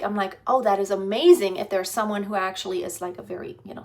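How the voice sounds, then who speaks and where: Chatty lady in her 50s rambling thru a story, lots of likes and restarts, talking into her phone. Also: mid-range voice. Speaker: vlogger. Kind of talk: casual pregnancy vlog storytelling. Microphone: phone propped on a stand.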